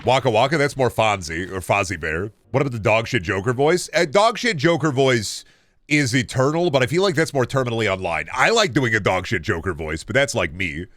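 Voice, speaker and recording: Young man, game streamer, casual profane rambling, jumpy pitch, dry close mic. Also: fairly bright tone, no echo. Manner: rambling and profane, reacting to chat; pitch leaps up and down often. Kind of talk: casual live-stream chat while gaming.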